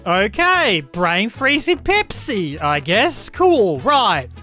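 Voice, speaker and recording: A woman's voice: medium pitch, sing-song, takes it slowly, sharp tone, soft background music. A woman reacting in casual commentary to strange sodas, incredulous and swearing, often stammering in disbelief. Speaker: vlogger reacting to odd sodas.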